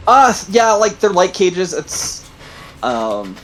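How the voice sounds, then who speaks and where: A man narrating a tabletop game as game master, halting often with ums and restarts. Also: high voice, big pitch swings, fairly bright tone, a little hiss or hum, rough recording. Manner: halting, many ums and likes.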